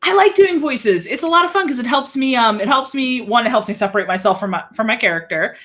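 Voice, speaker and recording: A young woman chatting casually in an interview, bubbly and giggly with quick asides. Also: on the high side, lively intonation, fairly bright tone. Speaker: game master.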